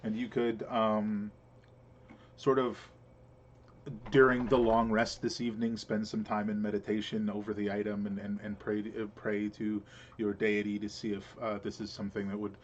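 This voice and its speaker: A man's voice: fairly low pitch, flat delivery, moderate pace, lo-fi sound, slight background noise. A man narrating as game master for a tabletop game, rambling with many fillers and restarts.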